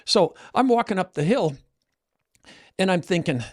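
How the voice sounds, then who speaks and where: A man's voice: sits high, expressive, moderate pace, long pauses. A man in his sixties, hosting a casual chat and earnestly telling stories with many restarts. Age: 60s. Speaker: host, coach.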